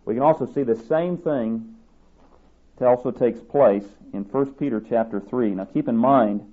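This sermon tape sounds tinny and phone-like, carrying a man's medium-pitched voice at a moderate pace. He reads from scripture and presses his points through emphatic repetition.

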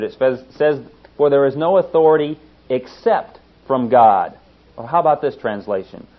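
Male Bible teacher, mid-pitched, earnest and emphatic, preaching on a dull lo-fi recording. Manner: earnest, emphatic, rises in pitch to stress points. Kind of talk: sermon-style Bible teaching.

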